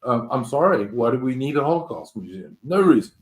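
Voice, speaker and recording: A man's voice: mid-range voice, big pitch swings, brisk. A man hosting a casual political talk show, rambling and emphatic, with rhetorical questions. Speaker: host.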